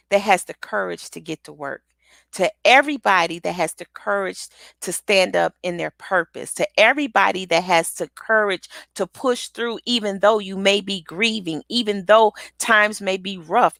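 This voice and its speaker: A woman giving an energetic motivational pep talk, repeating affirmations with rhythmic call-and-response. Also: medium pitch, creaky, dry recording. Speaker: motivational speaker and author.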